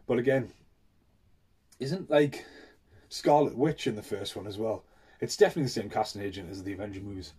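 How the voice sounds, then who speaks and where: A man's voice: lowish voice, a little fast, long pauses, warm tone, husky. A man, chatting casually through a movie unboxing in a swear-filled, enthusiastic, rambling rant. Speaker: film collector reviewing a Blu-ray.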